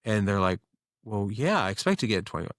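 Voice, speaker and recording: A man, a guest business owner, telling stories in a casual interview with quick, animated delivery and frequent restarts. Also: lowish voice, no echo, studio quality.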